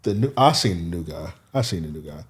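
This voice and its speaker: A man's voice: deep voice, animated, quick pace. A man on a casual podcast, telling a long story, swearing freely and laughing as he goes. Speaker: podcast co-host. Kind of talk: casual chat.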